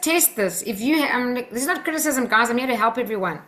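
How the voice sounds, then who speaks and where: A woman's voice: on the high side, animated, fast, a bit bright. An Australian woman teaching a workshop group, talking in an earnest, personal, coaching way.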